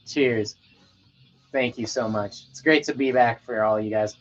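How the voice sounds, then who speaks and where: A man from Colorado chats loosely to his viewers at the end of a late-night livestream. His talk rambles and sinks to a low mumble, and the sound is dull and lo-fi. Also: measured pace, a little hiss or hum. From Colorado, USA. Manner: laid-back, rambling, drops to a mumble. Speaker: livestream host.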